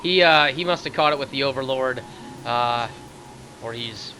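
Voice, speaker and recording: Excitable male esports caster, bright voice. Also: rough recording. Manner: excitable, rising to high-pitched rapid calls in fights. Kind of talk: live game commentary. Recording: faint background noise.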